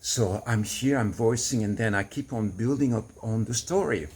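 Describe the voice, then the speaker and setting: Earnest low-voiced male coach. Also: moderate pace, a little hiss or hum. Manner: earnest, explanatory, with soft laughs. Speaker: relationship coach. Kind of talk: teaching to camera.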